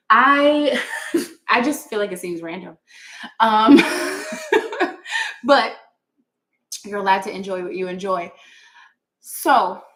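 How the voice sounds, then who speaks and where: A woman's voice: mid-range voice, a bit bright. A woman who teaches yoga, chatting casually with viewers on a livestream, earnest and laughing often as she reads comments aloud. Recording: echoey room.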